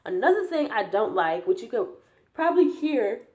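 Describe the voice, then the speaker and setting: A woman's voice: medium pitch, sing-song, fairly quick, darkish tone, dull audio. A young woman talking casually in a rambling vlog update, tired and yawning, with a slight lisp from new braces. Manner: chatty, rambling, with many fillers and restarts. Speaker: vlogger.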